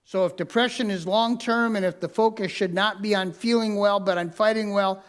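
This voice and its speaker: A male pastor with a notably high voice delivers a sermon in a church. He teaches from notes, repeats his main points for emphasis and tells listeners to circle or underline words. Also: fairly even intonation, moderate pace, few pauses, clear, resonant tone. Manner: repeats key lines for emphasis. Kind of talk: sermon with personal story. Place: church sanctuary.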